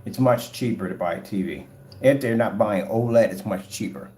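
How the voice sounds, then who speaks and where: A man's voice: lowish voice, normal speed, darkish tone. A man giving a casual product demonstration for his projector screen paint, talking in an emphatic, rambling sales style at home. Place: home room with a projector and gray wall. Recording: roomy echo.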